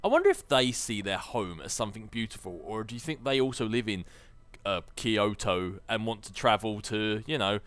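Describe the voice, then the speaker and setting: A man's voice: lowish voice, animated, normal speed, a bit bright. A man giving casual, jokey commentary over a video game, musing aloud and laughing often. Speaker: gameplay commentator. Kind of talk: casual Let's Play commentary.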